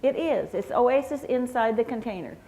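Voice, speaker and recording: A woman teaching flower arrangement at a live seminar, explaining slowly with fillers and restarts. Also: a little high, lively intonation, mellow. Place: convention hotel meeting room.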